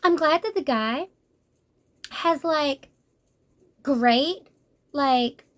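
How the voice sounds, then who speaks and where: A young woman giving a casual, animated manga review, exasperated and slangy. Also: high voice, drawn-out words. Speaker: book reviewer.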